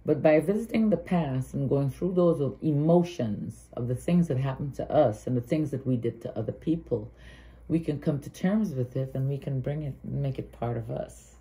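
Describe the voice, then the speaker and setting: Guyanese woman, tarot reader; low, mellow voice, earnest and heartfelt, thinks aloud as she goes. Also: moderate pace. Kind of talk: tarot card reading.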